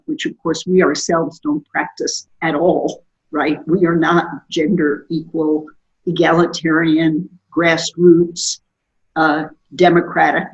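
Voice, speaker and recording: A woman in her sixties, a sociology professor, giving thoughtful, measured answers as a guest. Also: sits low, highs cut off. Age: 60s. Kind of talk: interview answers.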